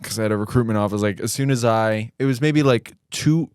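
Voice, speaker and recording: A man's voice: fairly low pitch, a little fast, darkish tone, clean tone, dry recording, clean studio sound. A young man hosting a podcast, telling a long, profane, self-mocking story in a rambling casual way. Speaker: podcast host.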